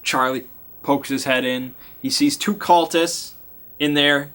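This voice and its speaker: A man running a tabletop game talks through what happened last time in a casual, chatty recap. His voice sits a little high and sounds bright and keen. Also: steady tone, slow, clear, resonant tone. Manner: chatty, acts out sound effects and lines, laughs. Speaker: game master.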